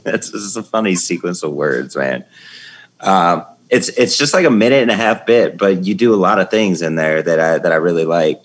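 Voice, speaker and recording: A man hosting a casual interview, relaxed and laughing often as he asks follow-up questions. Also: low-pitched, moderate pace. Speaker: podcast host.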